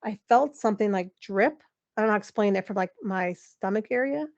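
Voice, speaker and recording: A woman in her forties, a podcast guest, telling a personal story in an animated, emotional way, with lots of "like" and some laughter. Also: medium pitch, fairly quick, highs cut off. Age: 40s. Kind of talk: candid interview storytelling.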